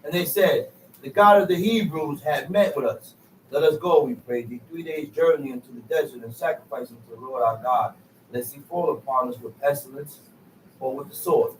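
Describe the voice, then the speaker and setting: A man reading old-fashioned scripture verses aloud, steady and plain, his voice a bit high. He sounds distant in an echoey room, with a faint hiss under it. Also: moderate pace. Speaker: scripture reader. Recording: echoey room, mic far off.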